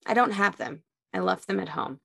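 A young woman tells a personal story in casual talk-show chat, with a gravelly rasp running through her speech. She is animated and jumps into raised voices when quoting people. The sound is dry and close. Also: medium pitch, moderate pace, no room sound. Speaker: podcast co-host.

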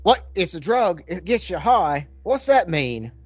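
A man on a movie podcast who asks follow-up questions and adds his own observations in an easygoing way. His voice sits slightly high, and the recording is dry and close. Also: big pitch swings, measured pace, husky, no room sound, faint music behind. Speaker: podcast co-host. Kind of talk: casual movie-review chat.

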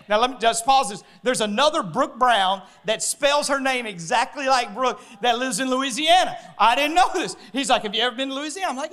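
A man, preaching a sermon as pastor and telling a story with lively acted-out voices. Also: very high voice, brisk. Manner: animated storyteller, acting out voices, laughing.

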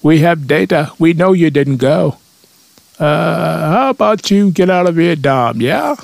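A man's voice: on the high side, lively intonation, a little slow, gravelly, no echo, pitched above the performer's own voice. A man putting on a poor Russian accent to play a gloating Soviet official who speaks broken English. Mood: taunting. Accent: put-on Russian.

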